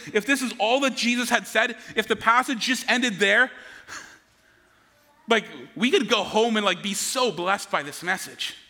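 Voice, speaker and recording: A man's voice: high-pitched, sharp tone. A man preaching a sermon in an earnest, conversational way, often repeating words as he goes. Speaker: pastor. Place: church sanctuary. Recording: long hall reverb.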